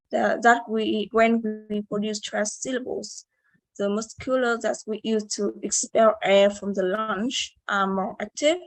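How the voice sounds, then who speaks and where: In a rough recording with no echo, a young woman from Vietnam presents to her class on word stress. Her voice sits a little high, and she reads with care, pausing hesitantly and starting over now and then.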